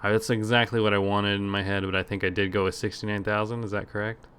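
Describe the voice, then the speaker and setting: Podcast co-host, animated storyteller, swears freely, mimics callers. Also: male voice, fairly low pitch, fast talker, clear, resonant tone. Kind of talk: casual storytelling chat.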